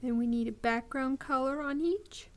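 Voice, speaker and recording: A woman hosting a beading tutorial, explaining each step patiently with frequent ums and pauses. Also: high voice.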